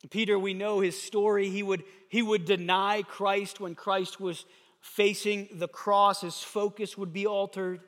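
A man's voice: sits high, level tone, unhurried, fairly bright tone. Preaching man in a reverberant hall. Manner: emphatic preaching, reading scripture aloud. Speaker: pastor. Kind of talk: sermon.

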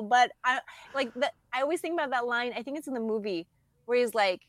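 A woman co-hosting a podcast in casual chat, animated and quick to laugh. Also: a little high. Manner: animated, laughing, quotes lines in acted voices. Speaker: podcast co-host.

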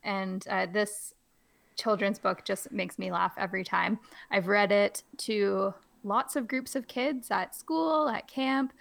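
A woman's voice: mid-range voice, takes it slowly, vocal fry, a bit bright. A woman podcast co-host and teacher reading a picture book aloud, playful and theatrical, jumping to squeals on the silly words.

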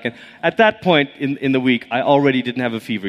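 A man's voice: mid-range voice, quick pace, hardly any pauses. A man preaching a sermon as pastor, telling stories and acting out voices, a little out of breath. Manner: animated storytelling with acted-out inner voices. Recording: long reverb of a hall.

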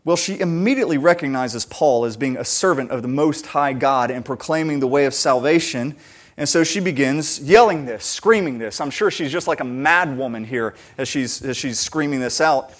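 A pastor delivers a sermon in an earnest, conversational way, often restarting his sentences and building to emphatic, louder peaks. His voice is medium-pitched and he speaks at normal speed.

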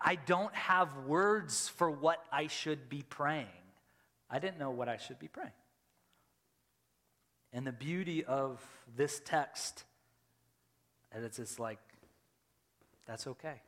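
A middle-aged man, a lead pastor preaching a sermon, telling a personal story and loudly acting out his own reactions. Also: fairly high pitch. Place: church sanctuary. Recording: church hall with long reverb.

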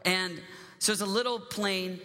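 A man's voice: sits high, steady tone, a little slow, bright, forceful tone. A man in his thirties preaching a sermon, telling stories with many restarts and asides to the audience. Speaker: pastor. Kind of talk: sermon storytelling. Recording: long hall reverb.

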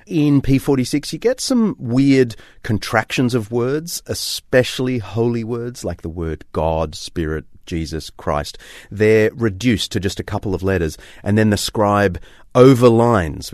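A man's voice: lowish voice, expressive, normal speed, a little mellow, no echo, studio quality. A man presenting and narrating a documentary as an enthusiastic, chatty explainer.

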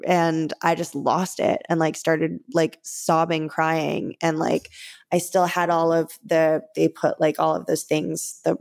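Woman podcast co-host, somewhat low-pitched, open personal storyteller. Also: flat delivery, a little slow, gravelly, darkish tone. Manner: open storytelling, with many fillers. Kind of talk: casual chat.

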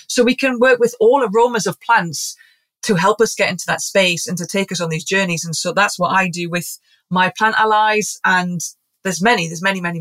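A woman in a casual podcast conversation talks earnestly and at length. She circles back and restarts her sentences often. Her voice sits at an ordinary middle pitch. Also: a bit bright. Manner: earnest, rambling, frequent restarts; acts out quoted voices. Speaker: guest, zoologist and shamanic practitioner.

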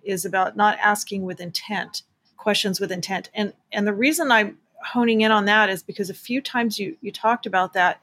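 A woman's voice: medium pitch, a bit bright. A woman reporter hosting an interview, chatty and thinking aloud with lots of fillers. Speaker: podcast host and reporter. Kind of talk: interview conversation.

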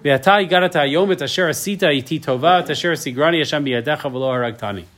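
A man's voice: a little high, quick pace, a bit bright. A man in his thirties teaching a casual Torah class. He reads each verse in Hebrew, translates it, and keeps asking "right?". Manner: chatty, tags lines with "right?".

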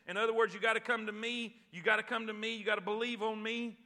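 A man preaching a sermon, reading scripture slowly and calling on the congregation to answer back. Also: high voice, flat delivery, bright, forceful tone. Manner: call-and-response preaching, repeats phrases; drawn-out emphatic scripture reading. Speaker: pastor.

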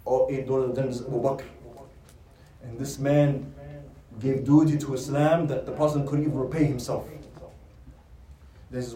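A man's voice: mid-range voice, level tone, normal speed, pauses often, warm tone. A man teaching a religious lesson, retelling a story and answering his own rhetorical questions. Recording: roomy sound from a distant mic.

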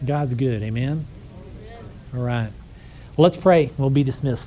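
Pausing often at a measured pace, a man with a warm, mid-range voice preaches to a congregation. He tells a personal story conversationally, gives voice to the people he quotes, and ends with prayer, though the audio quality is poor.

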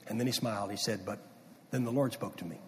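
A middle-aged man preaching a sermon, swinging from loud emphasis down to hushed near-whispers. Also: on the low side, quick pace, slight background noise. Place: church sanctuary. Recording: distant mic with long hall reverb.

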